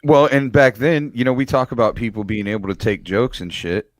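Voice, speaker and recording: A man with a mid-range voice hosts a comedy podcast, recorded close and dry. He talks in a relaxed, frank way and swears casually. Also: mid-range voice, fairly quick, no echo.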